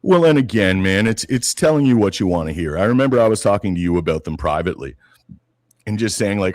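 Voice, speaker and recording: Low-voiced man in casual political chat. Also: fast talker, dry recording, clean studio sound. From Canada. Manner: casual, says "man" often, animated retelling. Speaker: podcast co-host.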